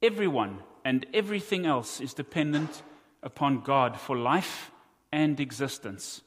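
A man with a South African accent preaching a sermon, earnest and deliberate, with wry asides to his congregation. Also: medium pitch, expressive, in a large hall, slight background noise. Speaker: pastor.

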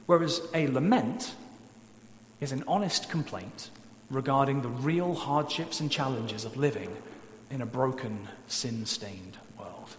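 A male pastor preaching in a church sanctuary, earnest and pleading. His voice rings with a long echo through the hall, and a faint hum sits underneath. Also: medium pitch. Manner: earnest, pleading, slows down to stress key points. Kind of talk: sermon.

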